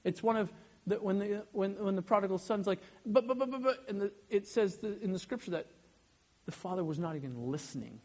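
A man in his thirties, a pastor giving a sermon, animated and often breaking off mid-sentence to act out little scenes. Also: sits high, a little fast, dull audio. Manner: animated, self-interrupting, acts out little scenes.

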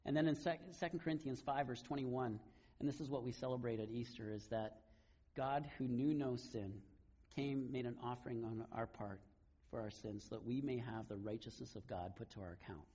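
A man preaching a sermon, retelling scripture stories in a relaxed, conversational way. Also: mid-range voice, moderate pace, husky, highs cut off. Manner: conversational storytelling, casual paraphrase of scripture. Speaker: pastor.

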